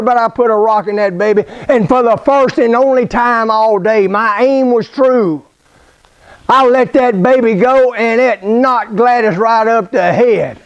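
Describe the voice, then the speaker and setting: A man preaching a sermon through a folksy, unhurried personal story. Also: extremely high pitch, vocal fry, lo-fi sound.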